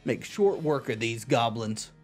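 A man's voice: medium pitch, expressive, unhurried, faint music behind. A man hosting a video game playthrough, reading the game's text aloud and adding dry wisecracks. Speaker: let's play host. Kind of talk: game commentary.

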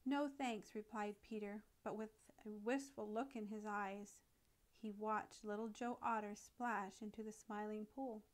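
A woman narrating a classic children's nature story in a gentle, expressive read-aloud manner. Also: mid-range voice, unhurried.

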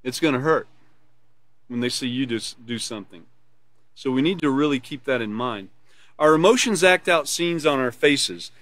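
A man's voice: medium pitch, expressive, normal speed, fairly bright tone, no echo. Guy teaching a character ed class online, earnest, explains stuff from the manual, dry sound. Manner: earnest, explanatory, laughs and smiles while teaching. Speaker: character education instructor.

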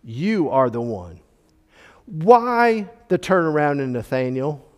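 A man's voice: a little high, sing-song, slow, darkish tone. A man teaching a church Bible class, explaining the text and stressing key words, with frequent fillers. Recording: long reverb of a hall.

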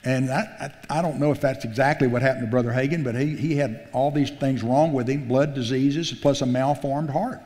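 A man's voice: medium pitch, steady tone, a little fast, hardly any pauses, darkish tone. A man preaching a sermon as pastor, telling stories in a folksy way and building to fervent exclamations. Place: church sanctuary. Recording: long church-hall reverb.

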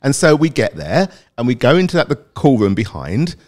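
A man's voice: mid-range voice, very animated, moderate pace, a little mellow. A British man, a guest on a show, telling rambling anecdotes in casual interview chat with frequent laughter. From Britain. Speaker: guest, athletics fan and content creator.

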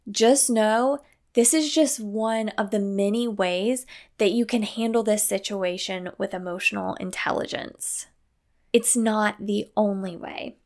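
A woman hosting a podcast, calmly explaining parenting strategies in an instructive, coaching manner. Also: medium pitch, vocal fry. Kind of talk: instructive solo podcast talk.

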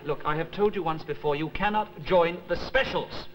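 A man's voice: a little high, moderate pace, fairly bright tone, slight background noise, natural voice, low-quality recording. An actor playing a stiff, officious male police sergeant in a 1960s TV sketch, prone to indignant outbursts.

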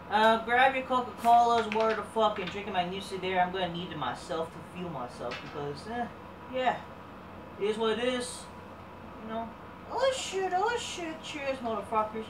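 A woman hosting a wrestling review show, ranting casually with lots of swearing and rambling fillers. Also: medium pitch. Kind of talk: casual profane rant. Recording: roomy, distant mic, faint background noise.

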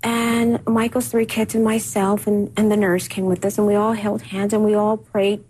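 Breathy woman recalling in halting words. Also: mid-range voice, flat delivery, a little mellow, rough recording. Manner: halting, repeats words and restarts often. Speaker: interview guest. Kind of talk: emotional personal recollection in a TV interview.

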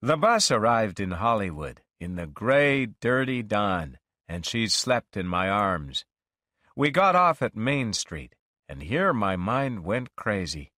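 Slow, expressive male storyteller. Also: fairly low pitch, no echo, clean studio sound. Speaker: narrator. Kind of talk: slow storybook reading for English learners.

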